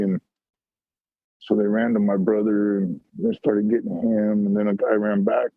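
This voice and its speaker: A man on a call-in panel telling a personal story in a raw, halting way, swearing heavily, heard over a video call. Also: on the low side, level tone, husky, no echo. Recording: tinny phone-like call audio.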